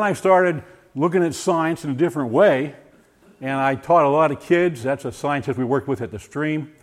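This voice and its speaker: Older man, personal testimony, animated storyteller, restarts, slightly high pitch. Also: normal speed. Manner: animated storyteller, acts out voices, stumbles and restarts. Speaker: former science teacher giving a testimony. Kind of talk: personal testimony talk to a group.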